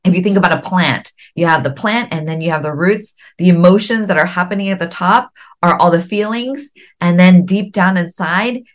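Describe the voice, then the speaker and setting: A middle-aged woman hosting a podcast, giving earnest, gentle coaching and slowing down to stress key words. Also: on the low side. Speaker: podcast host.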